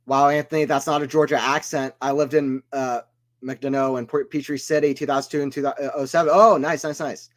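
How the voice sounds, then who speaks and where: A man's voice: medium pitch, steady tone, normal speed. A man from the American South with an American accent, giving casual play-by-play commentary on a live stream and chatting with viewers. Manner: chatty, reads chat aloud and drifts off topic.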